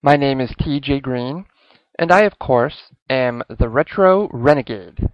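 A man's voice: mid-range voice, expressive, a little slow, dry recording, muffled recording. A man presenting a scripted review segment in a formal, announcer-like manner.

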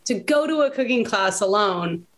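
A woman in her late thirties telling a personal story in candid conversation, animated and laughing often. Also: medium pitch, normal speed. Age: late 30s. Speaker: podcast guest.

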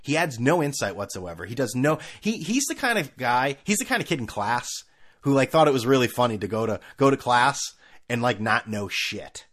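A middle-aged man hosting a casual sports rant, animated and laughing, often mimicking people in funny voices. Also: mid-range voice, normal speed.

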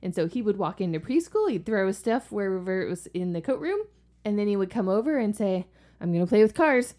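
She talks fast, with lively intonation and a dark tone in a mid-range voice. Co-hosting a podcast as a parent, she tells family stories in chatty, casual conversation stuffed with likes and ums.

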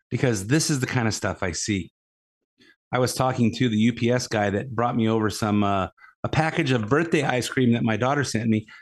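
A man hosting a political commentary show, talking in a casual, rambling way that repeats words and leans on "uh", scornful toward his opponents. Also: mid-range voice. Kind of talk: casual opinion monologue.

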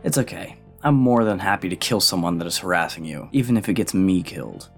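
An actor playing a protective older brother who speaks quietly, calmly and firmly. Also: male voice, low voice, fairly quick, vocal fry, faint music behind, full character voice. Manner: quiet, calm, firm. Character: protective young man, calm and menacing older brother.

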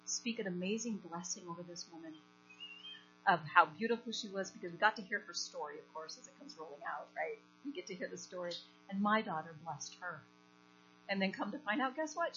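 A woman delivers a sermon, moving between a story and questions to her listeners. Her voice sits fairly high and comes across bright and forceful. The recording is dull and lo-fi, with a steady mains hum underneath. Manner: animated storytelling, asks the congregation questions. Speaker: preacher.

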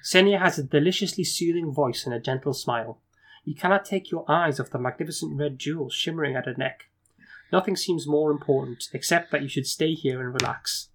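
A man whose voice sits on the high side, with a fairly bright tone, hosts a playthrough of a fantasy gamebook he reads aloud. Asides and stumbles punctuate his quick narration.

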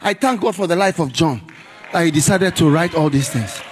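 Animated preacher man, high lively voice. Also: a little fast, a little hiss or hum. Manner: animated, pleading, swings into shouting. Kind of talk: sermon. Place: large church hall with congregation. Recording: church hall reverb, live crowd.

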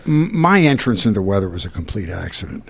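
Gravelly-voiced man, a relaxed talk-show guest. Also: lowish voice, brisk. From suburbs of Philadelphia. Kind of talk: casual interview chat.

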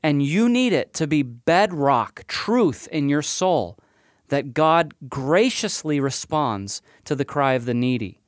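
A man hosting a faith show, giving a sincere scripted narration at a brisk clip. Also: a little high, animated, dry recording, clean studio sound. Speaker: show host.

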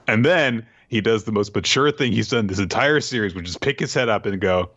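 A man co-hosting a casual podcast, recapping an anime with animated, laughing delivery and acting out the characters' lines. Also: on the low side, fairly quick, few pauses, lo-fi sound. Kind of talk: casual chat.

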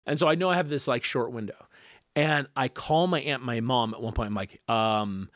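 Animated man telling a story, dry sound. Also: medium pitch, normal speed, no room sound. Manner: animated, acts out quotes, laughs often. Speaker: podcast guest. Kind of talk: conversational storytelling.

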